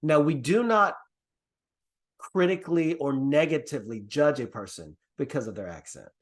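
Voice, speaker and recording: Male presenter from the Caribbean, slightly high voice, earnest and encouraging on a video call. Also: moderate pace. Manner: earnest, encouraging, lively pitch swings. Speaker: workshop presenter. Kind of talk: online workshop teaching.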